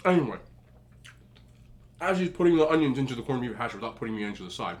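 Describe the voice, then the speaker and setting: With a medium pitch and a sing-song lilt, this young adult man talks quickly but leaves long pauses. As a mukbang vlogger he tells chatty stories casually while eating, words muffled by a full mouth.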